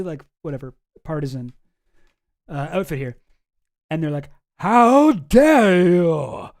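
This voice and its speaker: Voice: medium pitch, dark tone. A streamer giving casual commentary on news files, rambling, sarcastic and swearing freely, with many restarts.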